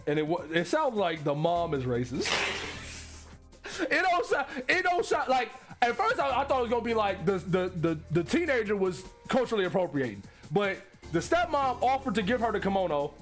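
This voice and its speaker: A man's voice: high voice, very animated, brisk, soft background music. A man streaming his reactions to online posts, reading them aloud with profane, incredulous commentary and frequent laughter.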